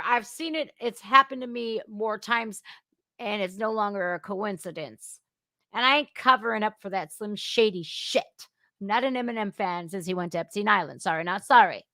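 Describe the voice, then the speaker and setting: A woman's voice: a little high, lively intonation, measured pace, pushed and bright, no room sound, clean studio sound. A woman hosting a casual reaction livestream, chatty and exclamatory, talking straight to her viewers. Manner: chatty, exclaiming, laughing asides. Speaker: commentary livestream host.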